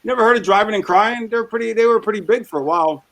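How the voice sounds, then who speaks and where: A man with a notably high speaking voice and a bright, sharp edge to it. He talks casually as a podcast guest. He rambles and restarts his sentences. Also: fast, vocal fry. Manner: rambling, trips over his words. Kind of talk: casual chat.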